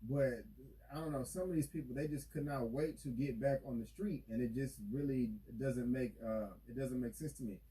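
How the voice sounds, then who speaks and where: A man's voice: medium pitch, normal speed, warm tone, rough recording. A man hosting a reaction video, recapping a TV episode in loose, rambling casual talk with lots of fillers. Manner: rambling, full of fillers, acts out characters' lines. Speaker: YouTube reaction host.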